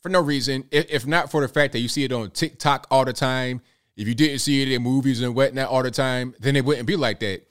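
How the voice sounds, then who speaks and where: Young guy doing reaction commentary, blunt, keeps repeating points, mid pitch. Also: fairly even intonation, a little fast, fairly bright tone, clean tone. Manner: blunt, repetitive, conversational. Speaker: commentary host.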